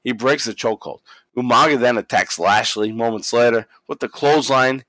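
A man's voice: mid-range voice, normal speed, dry recording. A man co-hosting a podcast, telling a wrestling story in casual chat, swearing freely and acting out the quotes. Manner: animated storytelling, profane, acts out quotes. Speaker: podcast co-host recapping wrestling.

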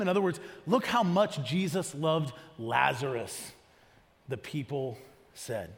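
A man's voice: a little high, expressive, normal speed, in a large hall. A male pastor preaching a sermon in a conversational way, often asking the congregation questions. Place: church auditorium.

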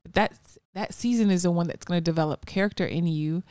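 A woman's voice: on the low side, a little fast, a little mellow, no room sound, studio quality. A woman hosting a casual faith-based talk, affirming her guest often. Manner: affirming, frequent back-channel responses. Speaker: host.

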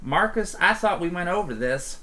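A hard-nosed woman bar owner who scolds bluntly in a folksy voice, as a male game master plays her. The voice sits a little higher than his own and stays firm and steady. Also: moderate pace. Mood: stern. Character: tough woman bar owner, fiercely protective.

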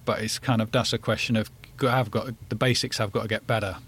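Hesitant man with a lowish voice. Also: steady tone, quick pace, a bit bright, husky. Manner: hesitant, many fillers and restarts. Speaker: podcast guest. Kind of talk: casual discussion.

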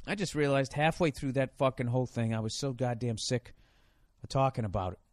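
A male comedian delivers a rambling, profanity-laced rant full of sarcastic asides. His voice sits at a middling pitch and sounds dry and close, with no room around it. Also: a little fast, a little mellow, dry recording. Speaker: comedian host. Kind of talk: ranting comedy monologue.

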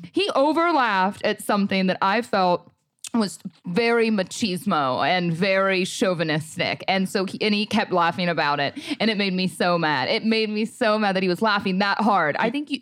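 A young adult woman co-hosting a podcast in casual chat, telling stories with quick self-mocking asides. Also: mid-range voice, a bit bright, no echo, clean studio sound. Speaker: podcast co-host.

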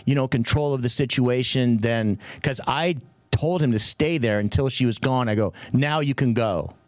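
A middle-aged man co-hosting a radio show, telling a story in an excitable way and acting out quotes in a raised voice. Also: medium pitch, moderate pace, dry recording. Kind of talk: animated storytelling chat.

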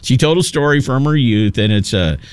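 A man's voice: mid-range voice, lively intonation, moderate pace, clean tone, no echo. A man hosting a talk radio show, delivering a mocking, sarcastic monologue into a studio mic.

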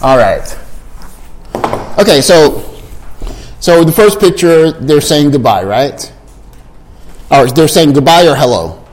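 A man teaching English to a class of learners, repeating phrases slowly and switching into Japanese to explain. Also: on the high side, lively intonation, a little mellow.

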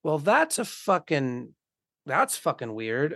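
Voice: medium pitch, expressive, moderate pace, no echo, studio quality. A speaker in a casual conversation, talking bluntly and philosophically, swearing often and acting out imagined voices.

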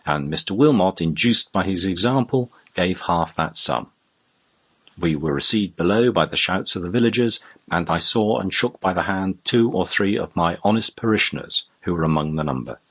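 A man narrating a classic novel as an audiobook in a measured, formal storytelling manner. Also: sits low, a bit bright, slightly rough.

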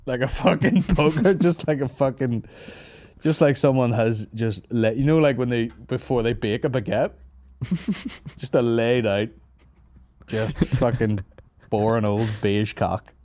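A man's voice: medium pitch, a little slow, mellow, no echo. A man hosting a comedy podcast, rambling through crude, sweary jokes in casual banter. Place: podcast studio.

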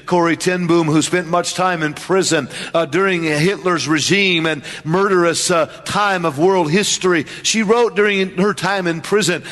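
A man with a somewhat high voice preaches to his congregation, leaning on repeated refrains and direct questions. His words ring out with a long reverb, as from a church sanctuary. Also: moderate pace, hardly any pauses, fairly bright tone. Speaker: pastor. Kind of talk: sermon.

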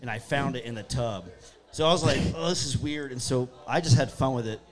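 Faint music plays behind a man telling spooky stories as a guest, his medium-pitched voice fairly quick. He animatedly acts out what people said in this casual chat.

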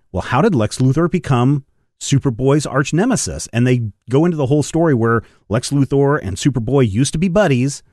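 A man co-hosting a podcast, chatting casually about comics in an animated way. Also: medium pitch, dry recording, clean studio sound. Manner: animated, acts out quoted lines in funny voices. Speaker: podcast co-host.

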